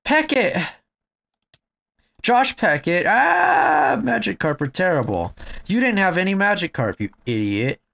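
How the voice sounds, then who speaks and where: A young man commentating his game, excitable and swearing, shouting at what happens on screen. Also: high voice, a little slow, creaky. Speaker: gamer. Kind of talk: let's play commentary.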